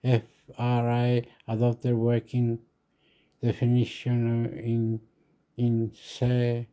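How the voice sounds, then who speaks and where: A man vlogging a casual news reaction, reading aloud haltingly with stumbles and curses. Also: medium pitch, completely flat delivery, dark tone, clean tone, low-quality recording.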